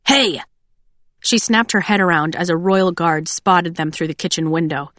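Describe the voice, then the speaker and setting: A woman narrates an audiobook in an expressive storytelling style. Her voice sits low and is recorded dry and close, with no room sound. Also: moderate pace, dry recording. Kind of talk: scripted narration.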